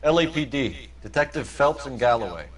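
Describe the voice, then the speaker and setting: A man's voice: medium pitch, expressive, fairly quick, husky, poor audio. An actor playing a stern male police detective in a video game, questioning a suspect with pointed, probing questions. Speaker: game character.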